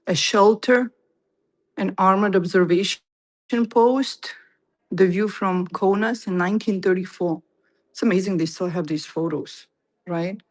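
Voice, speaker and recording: A woman's voice: on the low side, a little mellow, low-quality recording. A woman, out of breath, giving a casual livestream tour of a museum inside an old fort and reading exhibit labels aloud while she walks, talking into a handheld phone. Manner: chatty, reads exhibit labels aloud to viewers. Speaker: livestream host.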